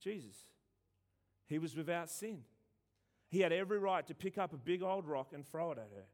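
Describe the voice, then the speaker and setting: Guy preaching, kinda high voice, punchy then goes quiet, repeats words a lot. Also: expressive, normal speed. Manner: emphatic, swings between loud and hushed, stumbles and repeats. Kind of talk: sermon.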